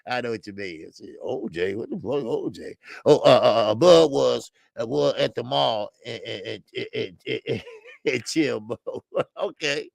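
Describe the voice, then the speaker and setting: Gravelly older man with a loose, profane style. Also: mid-range voice, lively intonation, unhurried, no room sound. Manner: loose and profane, lots of stammered fillers, laughs at own jokes. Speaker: boxing show host. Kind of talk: casual call-in show commentary.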